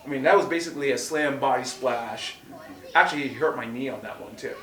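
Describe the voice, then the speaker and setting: A man casually telling a martial arts story, animated and full of restarts, acting out what people said. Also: mid-range voice, fairly quick. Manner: animated, acts out quotes loudly, many restarts. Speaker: martial arts instructor co-host. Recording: roomy echo, distant from mic.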